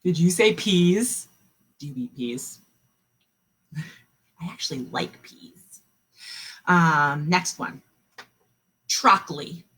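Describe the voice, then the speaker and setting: A woman teaching a kindergarten class online, encouraging the children and sounding out words slowly. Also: low voice, animated, a bit bright, slightly rough.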